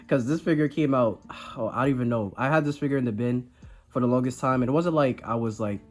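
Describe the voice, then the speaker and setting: A man's voice: medium pitch, fairly quick, soft background music. A man with a congested voice, under the weather, giving a rambling, self-deprecating toy review in a casual chat. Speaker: action figure reviewer.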